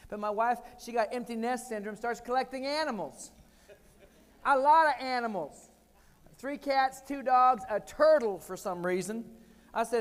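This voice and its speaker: Guy in his 40s doing a keynote, funny animated storytelling, kinda high voice, big echo of a hall. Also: moderate pace. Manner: comic, animated storytelling with sudden loud punchlines. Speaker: keynote speaker. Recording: long hall reverb.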